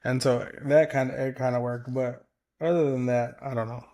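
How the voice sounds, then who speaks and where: A man's voice: mid-range voice, steady tone, normal speed, a little mellow. A man in casual podcast conversation with an everyday mid-range voice. He rambles loosely, swears freely and leans on fillers as he thinks aloud. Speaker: podcast co-host. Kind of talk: casual chat.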